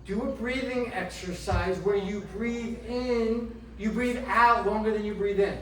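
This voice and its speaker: A man's voice: high-pitched, fairly even intonation, a bit bright. Middle-aged male chiropractor lecturing a crowd, emphatic and rhetorical, picked up from across a reverberant room with faint noise behind. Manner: emphatic, asks the audience questions, slows down on key phrases. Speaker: chiropractor giving a community talk. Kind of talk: motivational health talk to a live audience. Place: indoor event room. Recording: roomy echo, mic from a distance, faint background noise.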